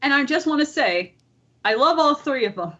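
High-voiced giggly woman podcaster. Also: animated, bright, forceful tone, lo-fi sound. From Ireland. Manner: giggly, chatty, quick asides. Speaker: podcast co-host. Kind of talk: casual podcast chat.

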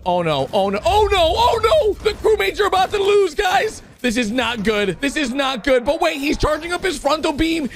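A man giving excited commentary over animations, swinging from loud shouts to low mutters. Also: gravelly. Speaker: YouTube commentator.

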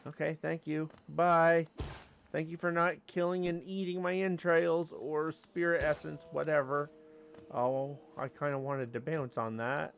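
A man's voice: on the high side, flat delivery, unhurried, vocal fry, a little hiss or hum. Jumpy man narrating his gameplay. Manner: jumpy, talks to game creatures, sudden yelps and exclamations. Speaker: let's play host. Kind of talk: casual gameplay commentary.

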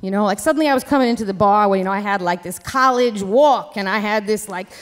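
A woman telling a story live on a theater stage, fast and chatty, full of "like" and "you know.". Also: mid-range voice, clean tone. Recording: live theater hall reverb, faint music.

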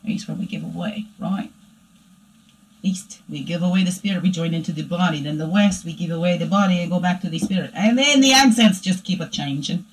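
A woman voicing her own playful alter-ego dark side, giving a rambling, chatty spiritual reading that keeps asking "right?". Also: fairly low pitch, brisk, close to an everyday voice, rough recording. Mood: musing. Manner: rambling and chatty, tagging "right?" onto lines. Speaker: spiritual reader. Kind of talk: spiritual daily energy reading.

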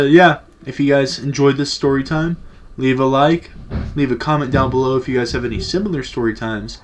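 Laid-back young man telling a story. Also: on the high side. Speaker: vlogger. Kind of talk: casual story time.

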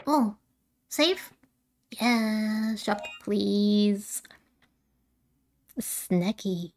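A woman gives casual let's-play commentary in a slightly high voice, giggling and thinking aloud as she plays. She talks at an unhurried, drawn-out pace. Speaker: streamer playing a video game.

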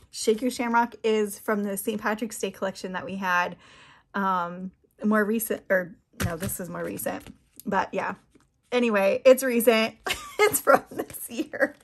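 A woman talking casually to her camera as a nail polish vlogger, flustered and rambling, with frequent laughs. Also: on the high side.

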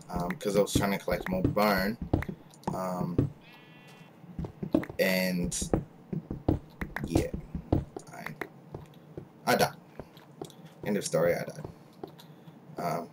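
A man's voice: low-pitched, level tone, takes it slowly, long pauses. A young man rambling through casual game commentary, with lots of fillers and self-mocking asides. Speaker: gaming channel host. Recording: loud background noise, mouse clicks.

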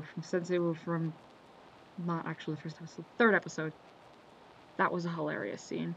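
A man's voice: fairly high pitch, steady tone, normal speed. A man casually talking through a quotes compilation for his video, rambling, losing his train of thought and correcting himself. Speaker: video creator. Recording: slightly dull lo-fi audio with faint background noise.

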